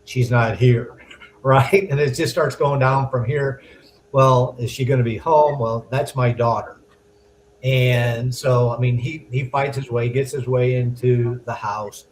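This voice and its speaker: A man's voice: mid-range voice, unhurried, rough recording. A man with a voice in the middle range tells a story on a business podcast. He talks in a loose, chatty way and laughs as he goes. A faint hiss of noise sits under the recording. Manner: animated storyteller, laughs while telling. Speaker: co-host.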